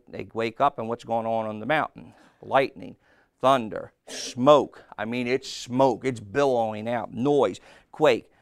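A man preaching a sermon, telling a story with lively, playful asides and asking his listeners questions. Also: medium pitch, vocal fry, no echo, clean studio sound. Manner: animated storytelling, acting out voices, asks the crowd questions.

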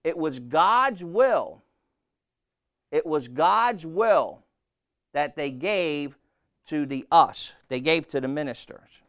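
A man's voice: fairly high pitch, expressive, takes it slowly, long pauses, fairly bright tone, no echo, clean studio sound. A man preaching a sermon in a blunt, folksy way, often throwing questions back at the congregation. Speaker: pastor.

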